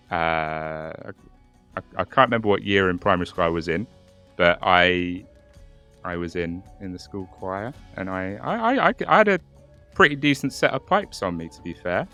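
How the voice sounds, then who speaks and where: Deep-voiced man hosting a podcast. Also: pushed and bright. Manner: casual, swears, stumbles and repeats words. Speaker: podcast co-host. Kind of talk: casual podcast chat and case narration.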